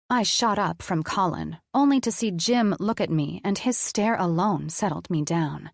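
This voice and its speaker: Low-voiced woman narrating an audiobook. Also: moderate pace, gravelly, few pauses, no echo, clean studio sound. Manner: candid, conversational, profane. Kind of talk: first-person audiobook narration.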